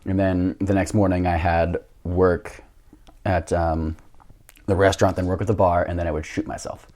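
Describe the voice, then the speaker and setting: A young man, a podcast guest and jiu-jitsu coach, telling stories in a lively, swearing, self-mocking way. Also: low-pitched, moderate pace. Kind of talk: casual storytelling.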